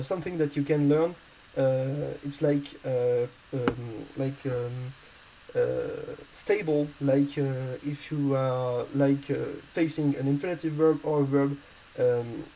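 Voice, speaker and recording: A man talks through a language lesson in a relaxed, unscripted way. His voice is warm and mellow, and he hesitates constantly, filling gaps with "uh" and "um" as he works out each explanation patiently. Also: fairly high pitch, slight background noise, low-quality recording. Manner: hesitant, many fillers and restarts. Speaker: language teacher. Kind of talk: casual spoken lesson.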